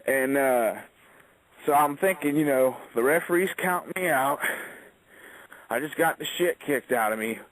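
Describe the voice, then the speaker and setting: Profane wrestler telling a ring story. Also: male voice, mid-range voice, moderate pace, long pauses, dry recording, rough recording. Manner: profane, animated storytelling with acted quotes. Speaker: wrestler, interview guest. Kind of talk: casual storytelling interview.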